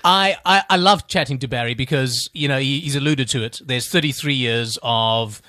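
A man's voice: mid-range voice, moderate pace, sharp tone, no echo. A man hosting a radio interview from the studio, eager and prone to repeating words. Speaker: radio host. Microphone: studio microphone.

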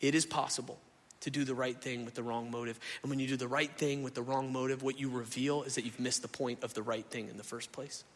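With a medium-pitched, steady male voice and a fast delivery, a pastor preaches a sermon through a stage microphone in a church hall. He's impassioned and conversational, regularly questioning the crowd.

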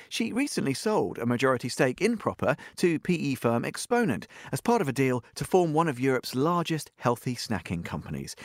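A man's voice: medium pitch, no echo, studio quality. A man hosting a business interview show, reading a polished, pun-filled introduction and then asking long, rambling questions. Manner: polished, upbeat presenter with food puns. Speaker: podcast host.

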